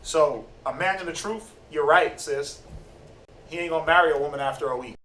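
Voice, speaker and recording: A man giving a casual, slangy sermon-style Bible teaching, animated and conversational. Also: a little high, a little fast. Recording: roomy, distant mic, faint noise.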